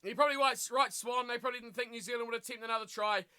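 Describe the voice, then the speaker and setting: A man commentating live on a rugby match for his stream, animated and full of rhetorical questions, reading viewer chat aloud and answering it. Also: very high-pitched, racing, clear, resonant tone.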